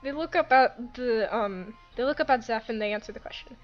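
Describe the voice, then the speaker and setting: A young woman narrating as game master in a casual online tabletop game, with relaxed, hesitant delivery. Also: a little high, brisk, muffled recording, faint music behind.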